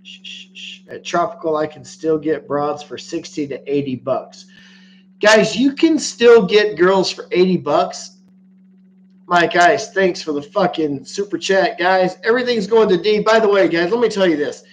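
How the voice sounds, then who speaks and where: A man's voice: sits high, lively intonation, normal speed, a little hiss or hum, poor audio. A man hosting a casual livestream, talking bluntly and crudely to his viewers and laughing often. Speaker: livestream host.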